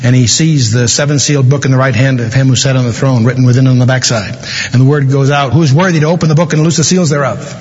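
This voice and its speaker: A man preaching a sermon, telling a story and slowing down dramatically for emphasis. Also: medium pitch, breathy edge. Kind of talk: sermon with a told joke. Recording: dull, reverberant hall recording.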